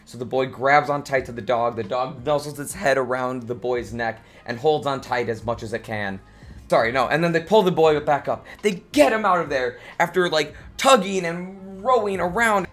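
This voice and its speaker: A man, a streamer, telling an improvised bedtime story in a relaxed, rambling way, restarting phrases as he goes. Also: medium pitch, normal speed, faint music behind.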